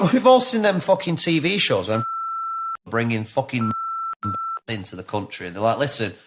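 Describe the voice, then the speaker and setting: A man's voice: medium pitch, wildly swooping pitch, moderate pace, background noise. A man in his thirties with a Lancashire accent, a guest chatting in a podcast interview, rambling and swearing with many restarts. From England. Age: 30s.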